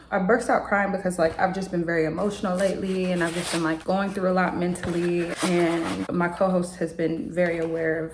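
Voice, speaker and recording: A woman's voice: lowish voice, flat delivery, a little fast, few pauses, noisy background. A young woman vlogging in a casual, candid way, talking through her day and her feelings. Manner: chatty and candid, drifting into teary, laughing asides. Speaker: lifestyle vlogger. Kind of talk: casual voiceover and on-camera vlog.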